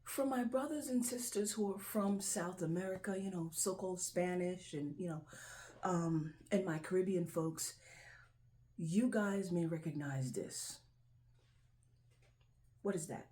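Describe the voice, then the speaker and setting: Woman host, casual and repetitive to camera; lowish, warm voice. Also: measured pace, long pauses, a little hiss or hum. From Jamaica. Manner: chatty, repetitive, keeps asking "right?". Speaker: video host. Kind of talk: casual show-and-tell talk to camera.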